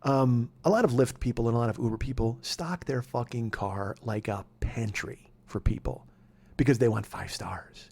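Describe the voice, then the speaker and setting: Gravelly and slightly rough, his mid-range voice moves with lively intonation at normal speed. The man, a podcast host in his forties, spins a casual, profane, wandering tale and works himself up to shouting.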